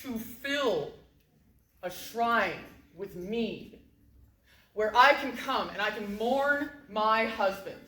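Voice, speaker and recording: A woman's voice: mid-range voice, animated, takes it slowly, bright, forceful tone. A woman voicing a vengeful widowed queen who speaks with false, coy politeness. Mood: sweetly scheming. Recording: roomy echo.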